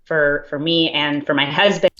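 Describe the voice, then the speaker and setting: Soft-spoken woman in a dull clip. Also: low-pitched, steady tone, normal speed. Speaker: podcast guest. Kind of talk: casual interview talk.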